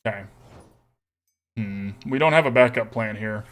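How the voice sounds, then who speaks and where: On the low side and a bit bright, at a normal speed, this young man from Texas streams a card game. He mutters and hums to himself, thinking aloud as he weighs each play.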